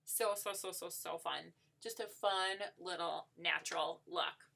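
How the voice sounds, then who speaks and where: A woman's voice: lowish voice, steady tone, measured pace, gravelly, sharp tone. A woman giving a casual makeup tutorial while demonstrating on herself, upbeat and gushing, with lots of "like" and "so" fillers.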